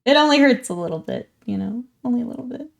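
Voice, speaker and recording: A woman's voice: a little high, expressive, fast talker, vocal fry. A woman in her twenties chats easily with her livestream viewers as she works on a hobby build. She laughs often and breaks off to greet newcomers. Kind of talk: casual chat with viewers while hobby painting.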